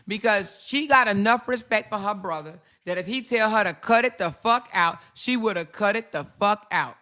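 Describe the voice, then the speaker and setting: Brash, bright-voiced woman livestreamer. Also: medium pitch. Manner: brash, profane, calls viewers y'all and honey. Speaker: livestream host. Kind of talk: casual livestream commentary.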